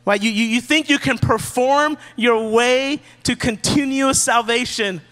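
A man preaching a sermon from the pulpit in a relaxed, joking, conversational way. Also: extremely high pitch, measured pace, big-room sound. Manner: casual, joking preacher who acts out quotes. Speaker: pastor.

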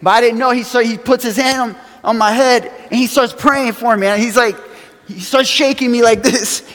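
A man preaching a sermon, telling stories with animated acted-out quotes and chuckles, from a church sanctuary. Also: very high voice, normal speed. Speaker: pastor. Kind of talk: sermon storytelling. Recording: long hall reverb.

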